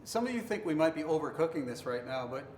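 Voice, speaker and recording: A man's voice: on the high side, animated, fast, darkish tone. A man pastor giving an earnest marriage devotional teaching, sometimes acting out accusing tones to make a point. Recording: roomy reverberant hall, faint noise.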